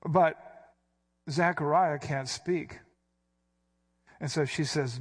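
A man's voice: fairly high pitch, slow pace, vocal fry, pauses often, slightly rough. A man teaching verse by verse from the Bible, speaking emphatically and stressing quoted lines sharply. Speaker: preacher.

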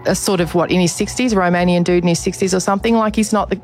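A woman's voice: lowish voice, fairly even intonation, quick pace, darkish tone, soft background music. A woman interviewer asking probing, conversational questions, thinking aloud as she goes.

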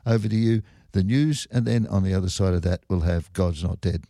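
A man hosting a Sunday morning community radio show, signing off in relaxed, stumbling chatter. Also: low voice, fairly quick, no room sound, clean studio sound. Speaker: radio host.

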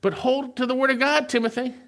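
A man preaching a sermon, reading scripture slowly and then explaining it in a conversational way. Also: very high-pitched, steady tone, a bit bright. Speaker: pastor.

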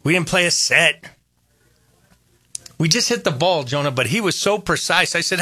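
An older man talks through a radio show with a bright, forceful edge to his husky voice. His pitch leaps around as he tells stories, doubling back on his own phrases. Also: normal speed, no room sound. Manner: animated, storytelling, repeats phrases. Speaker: radio host. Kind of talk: casual radio chat.

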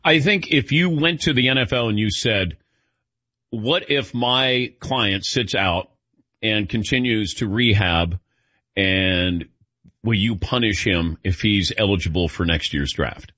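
A male sports radio host with a bright, forward tone and a slightly husky edge. He chats loosely with callers and tosses out opinions. The dry studio sound is a little dull and muffled. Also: lowish voice, measured pace, no room sound. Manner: conversational, chatty. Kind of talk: casual call-in radio talk.

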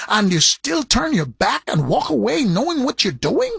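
Male preacher, raspy gravel in the voice, animated delivery that keeps repeating words for emphasis. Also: normal speed, hardly any pauses, no room sound. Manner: animated preaching with sharp swings in pitch and pace. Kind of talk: sermon.

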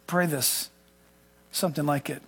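This high-pitched pastor's sermon rises and falls emphatically from booming to quiet, echoing with a lengthy reverb as though in a big church. His delivery is unhurried and husky, with fairly even intonation.

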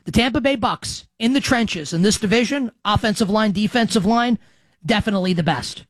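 A man's voice: high voice, fairly quick, no room sound. A man in his thirties hosting a sports radio show, delivering a brash, emphatic monologue with jokey asides.

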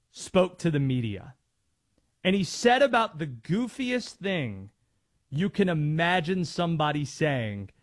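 Brief: male sports talk host, emphatic and mocking, unhurried with a deliberate delivery. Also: on the high side. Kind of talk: sports talk radio rant.

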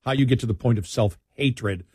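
A man from New York co-hosting talk radio, thinking out loud in casual chat. He stumbles into restarts as he muses. His voice sits mid-range, dry and close to the mic. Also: mid-range voice, normal speed, breathy edge, no room sound. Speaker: radio talk show host.

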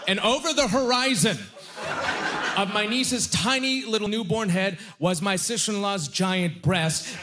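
A young man doing stand-up on a club stage, talking into a handheld mic. His voice sits a little higher than most men's. He tells self-deprecating stories in a loose, chatty way and pauses before the punchlines. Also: noisy background. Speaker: stand-up comedian. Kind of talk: stand-up comedy set. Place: comedy club stage with audience.

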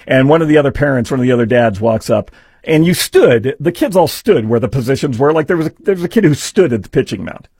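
A man's voice: medium pitch, animated, fast talker, darkish tone, breathy edge, dry recording. A man hosting a talk radio show, telling a rambling story full of fillers into a studio microphone. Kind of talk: casual talk radio monologue.

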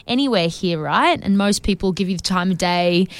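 A woman's voice: lowish voice, expressive, moderate pace, clear, resonant tone. A woman in her thirties with an Australian accent, hosting a casual radio chat and laughing easily. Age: 30s. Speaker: radio host. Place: radio studio. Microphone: studio microphone.

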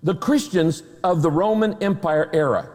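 Male pastor, high and animated, emphatic with a wry edge, sermon in a reverberant hall. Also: moderate pace. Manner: emphatic, rhetorical questions, wry humor. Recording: long reverb of a large hall.

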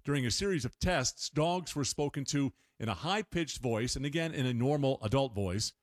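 Radio host, male, mid-pitched, very expressive intonation, playful, dry close studio sound. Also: normal speed, no echo. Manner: chatty, animated delivery with playful asides. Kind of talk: upbeat radio feature presenting.

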